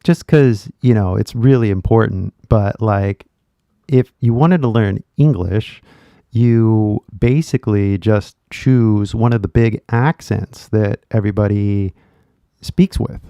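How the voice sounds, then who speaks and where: A man's voice: lowish voice, slow pace, dark tone, clean tone, dry recording, clean studio sound. A man with a Californian accent giving casual livestream English coaching, blunt and rambling with swearing, on dull lo-fi stream audio.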